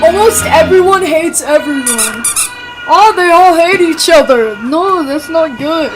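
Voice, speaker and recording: A young woman streaming a game, excitable, shrieking and mock-crying when things go wrong, then muttering low to herself. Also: measured pace. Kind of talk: live gaming stream commentary. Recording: game music loud behind the voice.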